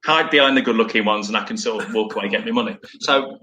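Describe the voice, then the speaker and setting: A man's voice: lowish voice, fast talker, sharp tone, highs cut off, slight background noise. A middle-aged man and former footballer, telling self-deprecating stories in a rambling, casual way.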